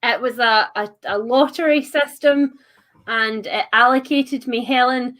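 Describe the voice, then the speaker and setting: A chatty woman with a Suffolk accent, hosting a relaxed livestream conversation with friends. Her voice sits a little high, and she laughs easily while she talks. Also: measured pace. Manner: chatty, laughs often, uses "like" a lot. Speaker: livestream host. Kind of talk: casual chat.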